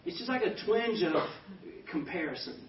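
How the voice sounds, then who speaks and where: A man with a voice pitched a little high tells his testimony in a lively, self-mocking way, as a pastor speaking at a banquet. He is picked up from across an echoey hall on a dull-sounding mic, with faint room noise underneath. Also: normal speed, distant mic. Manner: animated storytelling with self-deprecating humor. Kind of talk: personal testimony to a banquet audience.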